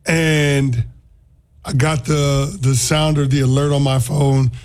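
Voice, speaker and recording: A man who is a former football player, co-hosting a sports talk show in a measured, analytical way. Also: medium pitch, steady tone, darkish tone.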